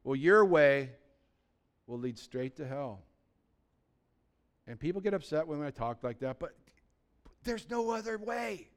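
A man's voice: medium pitch, lively intonation, measured pace, long pauses, smooth. A man preaching a sermon as pastor, blunt and urgent, asking the listeners rhetorical questions.

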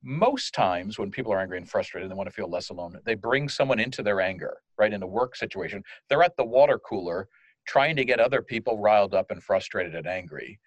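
A man from France, a guest in an interview, explaining in a lively way and acting out the phrases he quotes. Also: on the low side, a little fast, dry recording, dull audio. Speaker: guest, customer service manager. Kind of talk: conversational interview.

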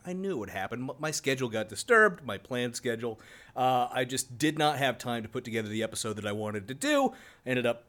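A man's voice: medium pitch, bright, forceful tone. An American man co-hosting a podcast, chatting casually, laughing often and swearing freely. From United States. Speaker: podcast co-host.

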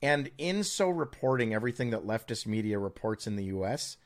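A man's voice: fairly low pitch, big pitch swings, brisk. An American man co-hosting a podcast, chatting in a rambling, sardonic way with lots of stammered restarts. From United States. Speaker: podcast co-host. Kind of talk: casual opinionated chat.

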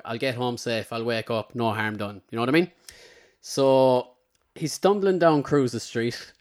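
Irish man telling a rambling story. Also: mid-range voice. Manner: rambling storyteller, slips into character quotes. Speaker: podcast host. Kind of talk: casual anecdote telling.

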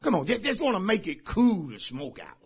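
A man preaching a sermon as pastor. He drives his points with shouted phrases and repeated calls to the congregation. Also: sits high, huge pitch swings, fairly quick, husky. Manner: emphatic call-and-response preaching, shouting key phrases. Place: church service.

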